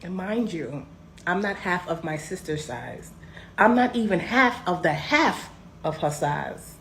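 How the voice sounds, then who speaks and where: Animated sassy woman telling a story. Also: mid-range voice, a little hiss or hum. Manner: animated, sassy, emphatic swings. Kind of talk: casual storytime.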